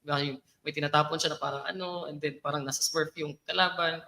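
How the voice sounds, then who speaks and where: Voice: mid-range voice, fairly even intonation, fast, bright, forceful tone, rough recording. A young adult Filipino speaker giving a chatty, playful talk at a student orientation, laughing often. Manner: chatty, playful, mixes English and local phrases, laughs often.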